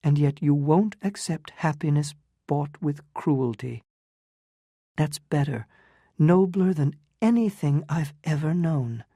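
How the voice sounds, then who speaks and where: A woman's voice: low-pitched, lively intonation, slow, mellow, no room sound, studio quality, voice pushed up, full character voice. A narrator voicing a proud, wounded young woman in love, pleading and emotional in a storybook reading.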